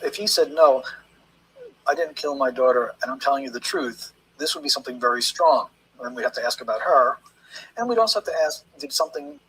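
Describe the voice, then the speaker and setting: A man working as a statement analyst, teaching in a measured, emphatic way how to read interview language. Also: a little high, gravelly, pushed and bright, a little hiss or hum, poor audio. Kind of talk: explanatory lecture on interview language.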